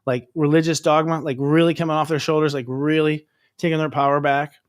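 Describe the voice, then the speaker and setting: A man with a fairly high voice talks quickly as he hosts a casual chat. He rambles in an excitable way and trips over his own restarts. He fills the gaps with "you know" and "like". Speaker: astrologer host.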